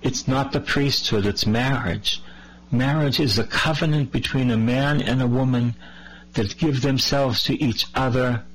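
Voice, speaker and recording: A man's voice: medium pitch, slight background noise, poor audio. A man preaching a sermon, reading scripture aloud and then explaining it in a conversational way, with some false starts.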